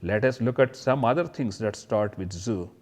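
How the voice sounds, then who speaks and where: A man with a lowish, somewhat dark voice teaches a kindergarten class, speaking directly to the children. His delivery is slow and sing-song as he talks about letters and toys and copies sounds.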